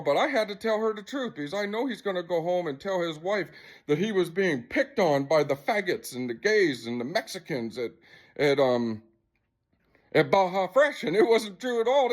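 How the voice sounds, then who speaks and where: A man's voice: high voice, expressive, normal speed. A man vlogging to camera, retelling an incident in a rambling, agitated and profane way. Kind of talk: casual storytelling to camera.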